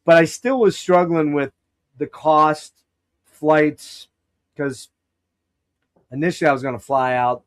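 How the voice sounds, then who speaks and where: A man's voice: on the high side, slow, long pauses. A man from Pennsylvania hosting a podcast, telling a long rambling story full of restarts and quoted asides in a casual chat. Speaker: podcast host.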